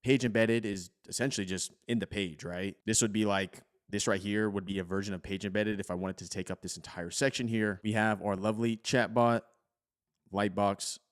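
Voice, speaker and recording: A man with a fairly low voice talks through a software tutorial over his screen recording. His delivery is relaxed and chatty, full of casual fillers like "like.". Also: normal speed, clean tone. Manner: relaxed, conversational, peppered with "like". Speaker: tech tutorial host.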